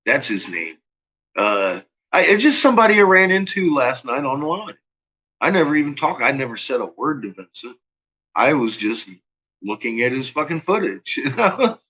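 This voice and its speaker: A husky, bright-toned man rambles through a casual livestream chat, swearing constantly and breaking into laughter. The recording sounds dull and lo-fi. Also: mid-range voice. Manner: rambling, profane, laughs often. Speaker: channel host.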